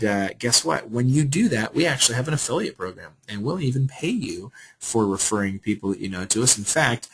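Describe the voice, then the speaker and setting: A man's voice: medium pitch, vocal fry, husky, poor audio. A man hosting a live webinar Q&A, upbeat and salesy, reading out viewer questions and answering them. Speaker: webinar host.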